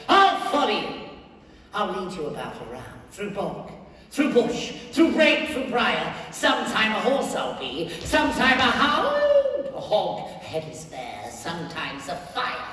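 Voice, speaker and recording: A man's voice: huge pitch swings, measured pace, heavily acted. A man on a theatre stage playing a mischievous, boastful male fairy sprite in a theatrical manner. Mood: gleeful. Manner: theatrical, swinging between low menace and shouts. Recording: echoey theatre hall from far off.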